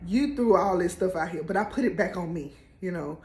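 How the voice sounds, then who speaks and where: A woman telling a story in a casual, animated way, laughing and acting out quotes. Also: on the low side, brisk, roomy sound. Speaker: co-host telling their couple story.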